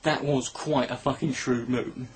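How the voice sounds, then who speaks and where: A man's voice: medium pitch, fairly even intonation, unhurried, a little hiss or hum. A man rambling through a crude, sarcastic comedy monologue, filming himself at home on his camera. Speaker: comedy vlogger. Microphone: camera mic.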